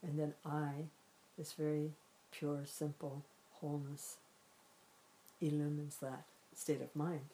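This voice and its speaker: Low-voiced woman gently teaching meditation. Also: flat delivery, slow, slight background noise, rough recording. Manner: gentle, reflective, repeats and rephrases while searching for words. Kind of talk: spiritual teaching talk.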